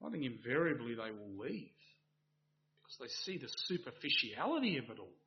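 A man's voice: mid-range voice, very animated, fairly quick, creaky. A man preaching an evening sermon in an earnest manner, building to emphatic rhetorical questions. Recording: dull lo-fi recording.

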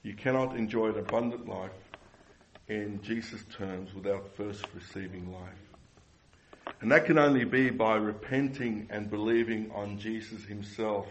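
A man's voice: on the low side, unhurried, slight background noise, rough recording. A man preaching a sermon earnestly, repeating phrases and asking the congregation rhetorical questions.

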